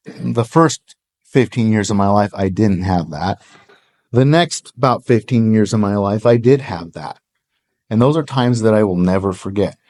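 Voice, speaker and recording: A man's voice: fairly low pitch, darkish tone. A middle-aged man preaching a sermon, telling stories with animation and acting out quoted voices. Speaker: pastor. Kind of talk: sermon storytelling. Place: church hall, live audience.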